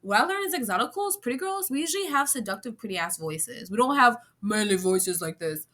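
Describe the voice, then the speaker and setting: A young woman talks straight to her viewers in a loose, animated monologue, swearing freely and breaking into laughter. Her voice sits a little high and rings bright and forward. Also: quick pace. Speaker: vlogger. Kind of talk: casual monologue to camera.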